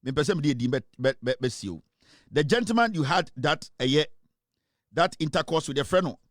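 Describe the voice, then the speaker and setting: A man's voice: a little high, lively intonation, a little fast, no echo, clean studio sound. A man hosting a live talk show, delivering repetitive, threatening accusations. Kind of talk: heated live commentary.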